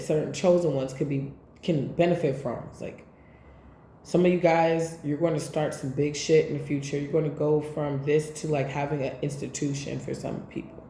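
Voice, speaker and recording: Female tarot reader, casual and preachy, mellow tone, roomy echo. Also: deep voice, a little hiss or hum. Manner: rambling, animated, preachy asides. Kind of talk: casual spiritual tarot reading.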